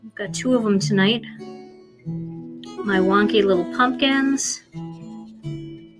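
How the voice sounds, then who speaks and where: A woman's voice: medium pitch, takes it slowly, music in the background. A woman with a Philadelphia accent hosting a live card-making demonstration, chatty and self-deprecating as she colors. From Philadelphia, USA.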